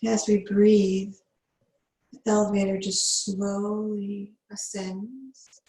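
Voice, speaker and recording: Slow, soothing woman yoga teacher. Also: mid-range voice, steady tone, mellow, roomy sound, poor audio. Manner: slow, soothing breath cues with long pauses. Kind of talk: guided yin yoga meditation.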